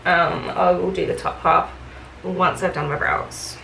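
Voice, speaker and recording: A woman's voice: fairly low pitch, fairly even intonation, a little slow, gravelly, bright, forceful tone. A woman telling a casual story about her retail job while doing her makeup, chatty, with lots of fillers. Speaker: beauty vlogger. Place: room at home, doing makeup. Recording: echoey room, faint background hiss.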